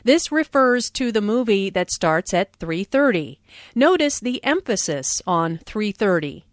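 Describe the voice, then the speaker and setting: Woman with slow, expressive teaching voice. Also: medium pitch, no room sound, clean studio sound. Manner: slow, clear, careful enunciation. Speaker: language lesson narrator. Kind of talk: scripted lesson narration and dialogue reading.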